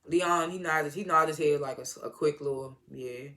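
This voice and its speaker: A man's voice: fairly high pitch, fairly even intonation, a little fast, sharp tone. A man giving a casual, rambling, slangy recap of a TV episode as a reviewer. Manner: rambling slangy retelling with acted-out quotes. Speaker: TV show reviewer.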